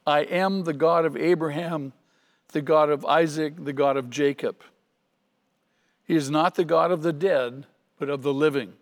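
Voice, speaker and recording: Pastor, male, slightly higher voice, emphatic sermon delivery, long reverb of a big room. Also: fairly even intonation, moderate pace. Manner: earnest, emphatic preaching with repetitions.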